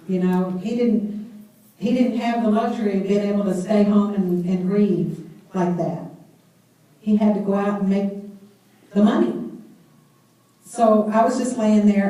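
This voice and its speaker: A middle-aged woman gives a personal testimony. She tells it as an animated storyteller who laughs at herself. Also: mid-range voice. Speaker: speaker sharing her story. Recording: echoey hall from far off.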